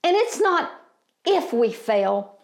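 Older woman preacher, gravelly voice, impassioned folksy sermon with emphatic peaks. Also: big pitch swings, takes it slowly. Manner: impassioned, rising to emphatic peaks then dropping low; homespun and folksy, addresses listeners as beloved and family.

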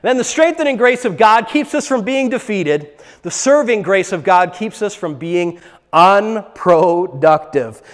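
A man with a notably high voice preaches an emphatic sermon and hammers his points home by repeating words. He is recorded in a church, and long reverb from the large hall trails after his lines. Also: expressive, unhurried. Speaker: pastor.

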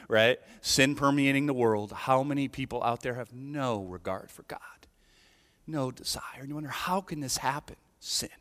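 A man preaching a sermon, emphatic and animated, his voice climbing high when he quotes. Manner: emphatic, rising to near-shouts on quoted lines. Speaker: pastor. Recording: long hall reverb.

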